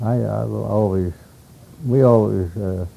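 An older man from Alaska tells stories from his past, pausing often with hesitations and breaking into chuckles. His voice is low, dark and gravelly. The tape recording sounds dull and lo-fi. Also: fairly even intonation. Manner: rambling storyteller, many hesitations, chuckles. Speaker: interviewee. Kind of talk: oral history reminiscence.

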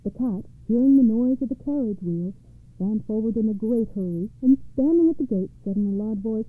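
A woman narrating fairy tales for a radio program in a measured, expressive storytelling manner. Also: a little high, no echo. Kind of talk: fairy tale read-aloud narration. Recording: tinny phone-like radio sound.

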